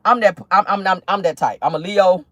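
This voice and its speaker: A woman's voice: mid-range voice, a little fast, fairly bright tone, dry recording. A woman giving casual pop-culture commentary on her vlog, emphatic and preachy, with frequent profanity. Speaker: commentary vlogger.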